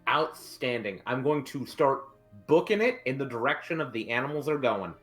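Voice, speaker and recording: A man's voice: medium pitch, expressive, normal speed, a bit bright, soft background music. A man playing a tabletop game, speaking playfully in character as a simple-minded giant. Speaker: player. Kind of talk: tabletop game role-play.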